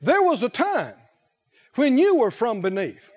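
A man preaching a sermon, emphatic and repetitive, who slows to stress key phrases and rises in fervor. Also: very high voice, huge pitch swings, darkish tone. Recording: dull lo-fi recording.

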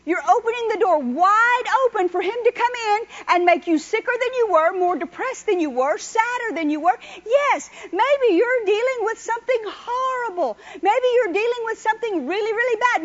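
A woman's voice: extremely high pitch, animated, brisk, hardly any pauses. A woman preaching a sermon, telling chatty personal stories and urging listeners on. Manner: chatty, exhorting, laughs often. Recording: dull lo-fi recording.

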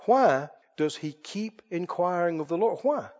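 Man, preacher, sermon, very high voice, dramatic storytelling, rhetorical questions, church reverb, muffled recording. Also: animated, unhurried, hardly any pauses, darkish tone.

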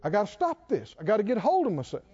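A man preaching a sermon with animated delivery, repeating phrases and quoting scripture. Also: high voice, fast talker, slightly rough, muffled recording. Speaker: pastor.

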